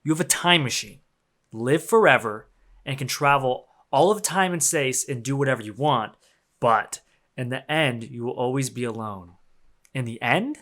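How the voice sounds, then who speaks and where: A man's voice: mid-range voice, normal speed, fairly bright tone. A young man streaming a game, rambling and joking in slangy, swearing casual talk. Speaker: gaming streamer. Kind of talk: casual commentary while playing.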